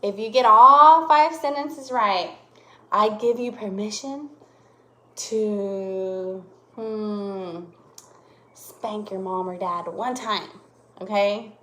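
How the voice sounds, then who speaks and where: A woman teacher giving a lesson to young children, speaking slowly and exaggerating her voice changes to demonstrate punctuation. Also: medium pitch, sharp tone. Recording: echoey room.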